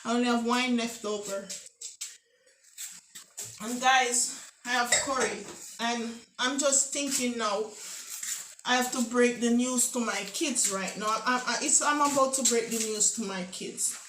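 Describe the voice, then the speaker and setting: A woman's voice: fairly high pitch, steady tone, measured pace, fairly bright tone, slight background noise. A woman, a mother and family vlogger, playing a prank on her kids for the camera with theatrical, mock-desperate pleading. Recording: echoey room.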